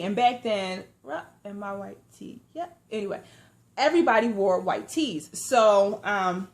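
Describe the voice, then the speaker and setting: A young adult woman vlogger telling a story to her viewers in slangy, animated, conversational talk, with lively asides. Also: medium pitch, a little fast. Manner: animated storytelling with lively asides and sudden hushed or loud turns. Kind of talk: casual storytime vlog.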